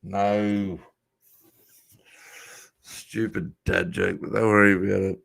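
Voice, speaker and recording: A man with an Australian accent in casual chat, talking fast and swearing freely. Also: low voice, level tone, creaky, a bit bright, husky, dry recording.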